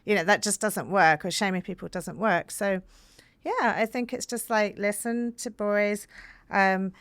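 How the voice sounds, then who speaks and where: A British author, appearing as a guest on a podcast interview, talks earnestly and tells stories with animation, using lots of fillers. Her voice is mid-range and a little slow. The recording has no room sound.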